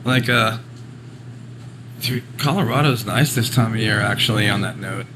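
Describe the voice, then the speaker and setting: A man's voice: lowish voice, moderate pace, background noise. A man co-hosting a comedic podcast, chatting casually, cracking jokes and swearing freely. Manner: jokey, swears freely, plays with silly voices. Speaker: podcast co-host.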